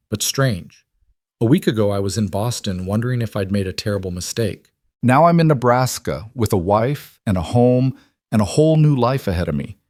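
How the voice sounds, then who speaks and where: A man's voice: lowish voice, darkish tone, no echo, clean studio sound, lightly acted. A man reading the part of a talkative, cheerful widowed frontier husband, speaking earnestly.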